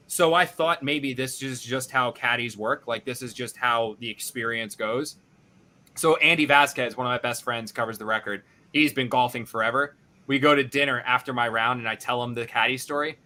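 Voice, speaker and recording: Bright-voiced man telling a story. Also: medium pitch. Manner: animated, profane, acts out his own reactions. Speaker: podcast host. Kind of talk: casual storytelling.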